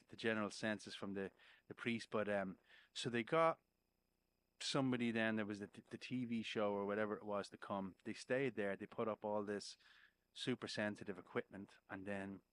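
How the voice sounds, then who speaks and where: A man's voice: lowish voice, fairly bright tone. A man, a musician guest on a podcast, telling a story in casual chat, swearing freely and checking in with "right?".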